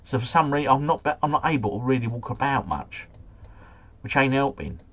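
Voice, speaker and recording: A man streaming a guessing game live, thinking aloud and chatting to viewers, his volume rising and falling with excitement. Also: mid-range voice, brisk, highs cut off. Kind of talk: casual live commentary.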